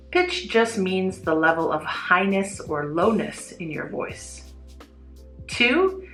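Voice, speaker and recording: Slow, measured woman teacher in echoey room. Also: on the low side, a bit bright. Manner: measured, clear, deliberate teaching delivery. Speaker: English teacher. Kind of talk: scripted explanatory lesson. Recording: roomy echo, faint music behind.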